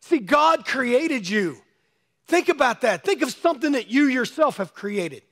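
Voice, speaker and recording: A man preaching a sermon to his congregation in a conversational way, calling on people by name, a little hoarse as he is losing his voice. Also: extremely high pitch, sing-song, measured pace, fairly bright tone. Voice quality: slightly hoarse. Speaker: pastor. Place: church sanctuary.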